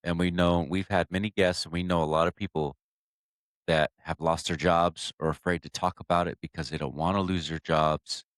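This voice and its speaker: A man's voice: sits low, fairly even intonation, moderate pace, dry recording, clean studio sound. A man hosting a podcast interview, speaking in earnest, long run-on sentences to his guest. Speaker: podcast host. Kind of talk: interview, conversational.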